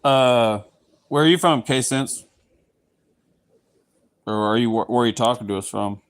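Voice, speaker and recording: A man's voice: mid-range voice, measured pace, clean tone. A man from Southeast Texas with a Texan accent, chatting casually with viewers on his livestream, playful and slipping into goofy voices. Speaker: livestream host. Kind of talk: casual live chat with viewers.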